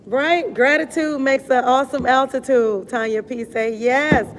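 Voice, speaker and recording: High-voiced, unhurried woman coach. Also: slight background noise. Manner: animated, laughing, slangy and blunt. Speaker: wellness coach. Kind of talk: casual live-stream chat.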